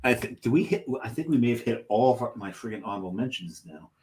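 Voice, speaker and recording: A man's voice: mid-range voice, lively intonation, fast talker, a little mellow. A middle-aged man co-hosting a podcast, trading teasing wisecracks in casual chat. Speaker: podcast co-host.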